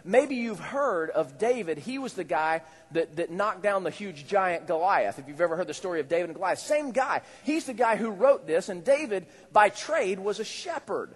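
A male pastor preaching a sermon in a conversational, animated way, with rising exclamations. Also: high-pitched, normal speed, hardly any pauses, slightly rough. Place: church hall. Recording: echoey church hall.

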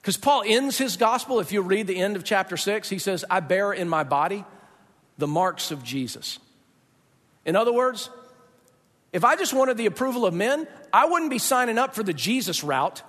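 A man preaching a sermon as pastor, talking in an emphatic, conversational way with dramatic pauses. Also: high voice, lively intonation, fairly bright tone. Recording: long hall reverb.

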